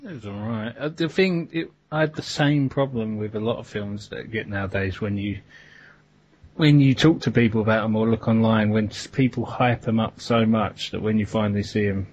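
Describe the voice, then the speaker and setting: A man's voice: lowish voice, normal speed, darkish tone, breathy edge, muffled recording. A man, co-hosting a film podcast, joking and swearing in a laid-back chat. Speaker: podcast co-host. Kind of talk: casual chat.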